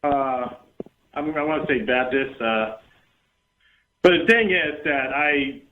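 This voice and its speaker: A man in his thirties calling in to a show, speaking haltingly with many restarts and fillers. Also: mid-range voice. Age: 30s. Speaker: caller. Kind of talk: call-in chat. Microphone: phone. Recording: tinny phone line.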